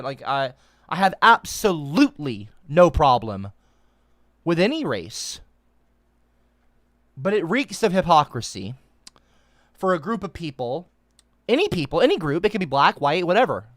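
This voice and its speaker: An online commentator ranting about an article, emphatic and repetitive, with stammering restarts. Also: no room sound. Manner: emphatic, repetitive, stammering restarts, swings high when outraged.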